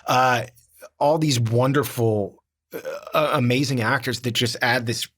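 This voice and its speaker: A man's voice: medium pitch, fairly even intonation, measured pace, fairly bright tone. Sentimental, enthusiastic male co-host. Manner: sentimental, enthusiastic, with many fillers. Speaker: podcast co-host, actor from the show. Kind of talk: casual rewatch podcast chat.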